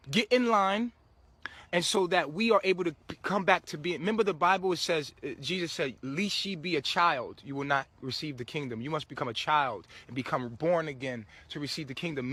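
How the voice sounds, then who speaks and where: A man's voice: a little high, bright, forceful tone, dry recording. A man giving a casual spiritual monologue to his viewers, preachy and swearing freely, often breaking into laughter. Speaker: spiritual vlogger.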